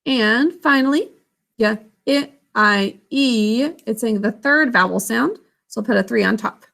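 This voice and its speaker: A woman teaching a children's spelling lesson, sounding out words letter by letter and syllable by syllable in a slow, patient way. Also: a little high, gravelly, a bit bright. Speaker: literacy teacher.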